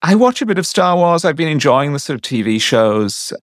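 A man's voice: a little high, big pitch swings, a little fast, no room sound, clean studio sound. A man from England whose English accent is mixed with American, chatting hesitantly on a podcast with many fillers. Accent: English with American mix. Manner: hesitant, filler-heavy, says "sort of" a lot. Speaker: podcast co-host. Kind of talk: casual podcast chat.

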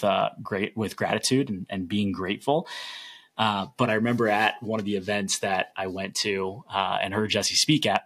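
Husky low-voiced man hosting a podcast. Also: a bit bright. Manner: earnest, rambling storyteller. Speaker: podcast host. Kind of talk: solo podcast monologue.

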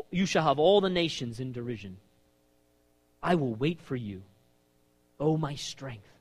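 A man preaching a sermon, reading scripture aloud with passion and slowing down for emphasis. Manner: impassioned, reads scripture aloud with rising pitch and slowed emphasis. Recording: hall reverb.

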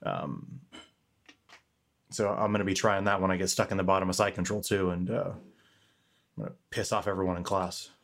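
A man's voice: low voice, steady tone, normal speed, creaky, pauses often, fairly bright tone. A young man co-hosting a podcast, talking candidly in a rambling way and swearing casually. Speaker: podcast co-host.

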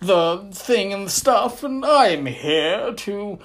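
A woman voicing a pompous, boastful aristocratic male explorer with a grand, drawn-out, self-important delivery. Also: medium pitch, expressive, pitched above the performer's own voice.

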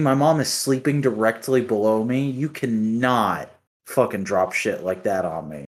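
A man co-hosting a casual chat from home, reacting excitably and swearing a lot. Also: fairly low pitch, a little slow. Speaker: podcast co-host. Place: home late at night.

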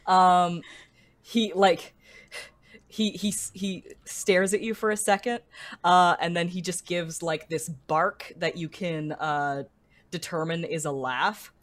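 Woman game master, low voice, hesitant narration with frequent fillers. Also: fairly even intonation, takes it slowly. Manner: hesitant, many fillers and restarts.

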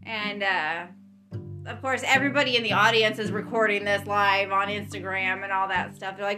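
A woman's voice: mid-range voice, steady tone, moderate pace, music in the background. A woman casually retelling a movie plot in a rambling, chatty way, with frequent ums.

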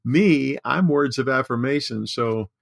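A man's voice: medium pitch, measured pace, vocal fry, no room sound, studio quality. An older man talking as a podcast guest, earnest and heartfelt, in casual conversation. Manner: warm-hearted, earnest, tearful at times. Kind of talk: casual chat.

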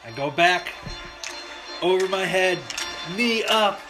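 A middle-aged man telling a story in casual chat. He acts out the voices with shouts and swears a lot. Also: sits high, animated, slow, over music.

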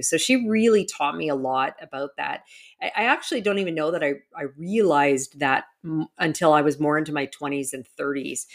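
A woman with a low, deep voice speaks as a guest in a podcast interview. She is middle-aged and talks in an earnest, reflective way, often restarting her sentences as she works through her story. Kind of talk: interview conversation.

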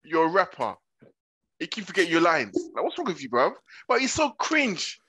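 Animated young man, lively. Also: on the high side, moderate pace, breathy edge. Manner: animated, slangy retelling with acted quotes. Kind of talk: casual podcast chat.

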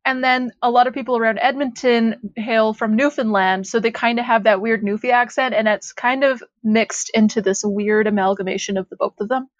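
A woman's voice: fairly high pitch, steady tone, fairly quick, hardly any pauses, no echo. A woman from Canada, chatting and teasing on a podcast, laughing often. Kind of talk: casual chat. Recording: muffled dry lo-fi audio.

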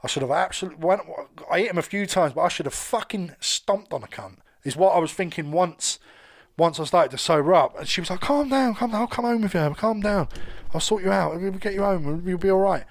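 A man's voice: high voice, brisk. A British man co-hosting a podcast, telling a story in casual chat with lots of swearing. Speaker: podcast co-host.

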